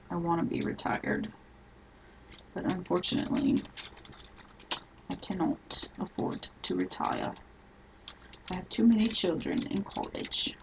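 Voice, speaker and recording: A middle-aged woman hosting a live scrapbooking tutorial, chatting casually and thinking aloud as she works, often trailing off softly. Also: on the low side, background noise.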